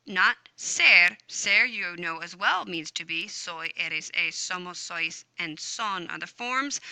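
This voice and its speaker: Woman, teacher, screen-recorded grammar lesson, upbeat, chatty, smooth clear voice, dry close sound. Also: mid-range voice, sharp tone, no room sound. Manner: upbeat, chatty, talks to herself while typing. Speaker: Spanish teacher.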